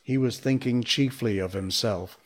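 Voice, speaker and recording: A man reading a storybook aloud as narrator, measured and expressive. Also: mid-range voice.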